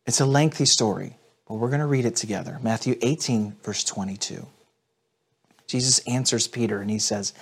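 A man's voice: medium pitch, normal speed. A male pastor preaching a sermon to people watching online, in an earnest, direct manner. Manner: earnest, direct address with repetitions.

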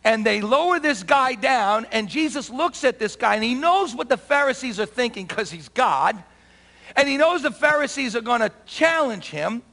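High-voiced gravelly preaching man. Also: normal speed. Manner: animated preaching with call-and-response to the congregation. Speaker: pastor. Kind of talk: sermon. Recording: long reverb of a large hall.

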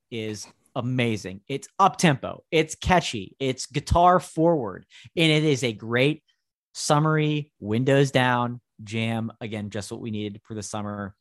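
A man co-hosting a music podcast, enthusiastically pitching songs and bands. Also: unhurried, no echo, studio quality. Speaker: podcast co-host. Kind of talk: casual music chat.

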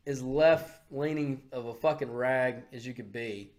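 A man hosting a podcast, telling a story in a rambling, animated way with lots of swearing. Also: mid-range voice, a little slow. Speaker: podcast host. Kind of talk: casual profane chat.

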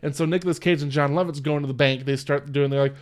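A man's voice: fairly high pitch, fairly even intonation, fast talker. A man hosting a podcast, casually retelling movie scenes with lots of laughter and acted-out quotes. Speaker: podcast host. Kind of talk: casual movie-review chat.

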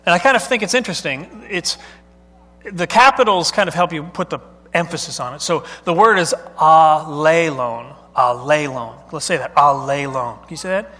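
Pastor guy preaching, bright fairly high voice, chatty, lots of questions to the crowd, big church echo. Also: expressive, fairly quick, husky. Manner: conversational, asks the congregation questions. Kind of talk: sermon. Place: church sanctuary. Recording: long hall reverb.

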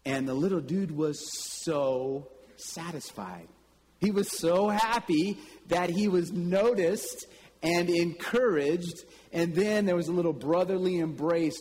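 A preacher delivers his sermon at an unhurried pace. His voice sits slightly high for a man and carries a long reverb through a large church hall. He tells stories and now and then breaks into sudden loud calls. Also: slight background noise. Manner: storytelling, slow and deliberate with sudden loud bursts. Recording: long reverb with faint ambience.

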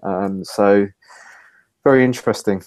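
A man's voice: lowish voice, a little slow, darkish tone. Easygoing man telling a rambling story. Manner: rambling, laughs easily, many listening hums. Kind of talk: casual podcast conversation.

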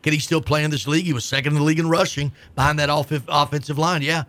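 A man's voice: on the high side, fairly even intonation, a bit bright, dry recording. A man co-hosting a sports radio show, joking casually and restarting his sentences. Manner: easygoing, joking banter, halting restarts.

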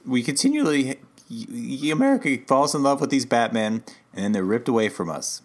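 A man's voice: mid-range voice, brisk. A man co-hosting a podcast in casual chat, riffing and spinning imagined scenes as he goes. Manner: animated storyteller, riffs on imagined scenes. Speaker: podcast co-host.

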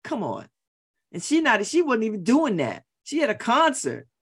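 A woman's voice: on the high side, huge pitch swings, moderate pace, husky. A middle-aged woman hosting a talk radio show, giving an opinionated monologue and repeating her points for emphasis. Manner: emphatic, repeats phrases for effect, preachy. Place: radio studio.

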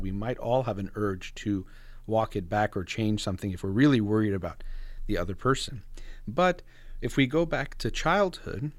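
A man giving a thoughtful, measured explanation of parenting and feelings, trailing off softly at the ends of phrases and pausing with fillers. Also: mid-range voice, dry recording. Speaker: speaker on parenting and emotions. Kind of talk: reflective explanatory monologue.

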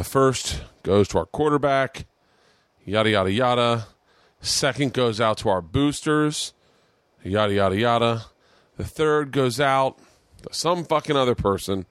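A man's voice: fairly low pitch, no echo. Profane rambling male podcast host. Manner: loose, profane, rambling storyteller. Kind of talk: casual storytelling chat.

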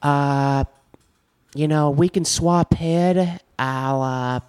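A man doing a crude parody impression of a lewd, bumbling middle-aged male prosecutor, speaking slowly and drawing out his words. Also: fairly high pitch, darkish tone, clean tone, dry recording. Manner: slow, drawn-out, crude parody delivery.

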